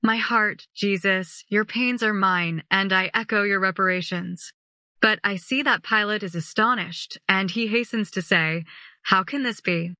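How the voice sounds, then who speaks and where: A woman giving a measured, solemn scripted devotional reading. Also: medium pitch, pushed and bright, dry recording. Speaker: devotional reader.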